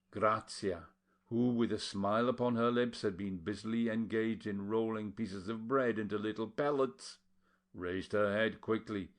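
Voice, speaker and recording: A measured male audiobook narrator. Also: lowish voice. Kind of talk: scripted narration.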